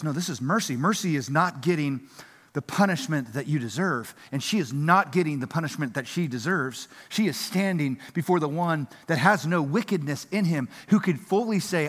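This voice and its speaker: A man's voice: on the high side, expressive, moderate pace, a bit bright, long reverb tail. A man pastor preaching a sermon in a church, earnest and emphatic, asking the congregation rhetorical questions.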